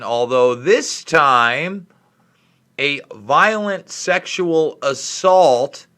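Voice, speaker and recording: A man's voice: on the high side, pushed and bright. Emphatic, indignant male vlog host. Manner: indignant, emphatic, drags out key words. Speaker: online commentary host. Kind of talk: ranting commentary vlog.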